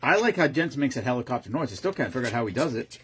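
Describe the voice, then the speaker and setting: A man's voice: mid-range voice, lively intonation, racing, very noisy. A man in his fifties chatting casually as a host, rambling and swearing, with lots of restarts. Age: 50s. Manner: rambling and profane, with frequent restarts. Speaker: streamer host. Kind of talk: casual chat.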